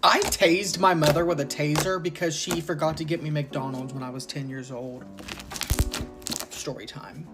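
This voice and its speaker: A man casually telling a comic story from his childhood, animated, swinging between loud and soft and drawling his punchlines. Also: on the high side, normal speed, over music. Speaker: storytime narrator.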